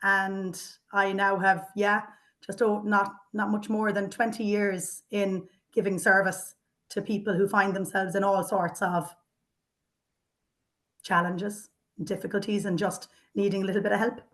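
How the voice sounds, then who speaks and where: A middle-aged woman with an Irish accent talks earnestly and from the heart. Her voice sits at a middle pitch, and she pauses on fillers and restarts. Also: level tone, fairly bright tone. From Ireland. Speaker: housing association manager. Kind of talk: personal reflection in an interview.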